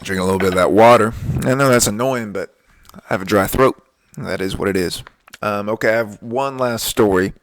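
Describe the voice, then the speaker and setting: Gravelly low-voiced young man rambling. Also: brisk, no room sound. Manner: profane, ranting, laid-back drawl. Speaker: podcast host. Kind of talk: casual storytelling monologue.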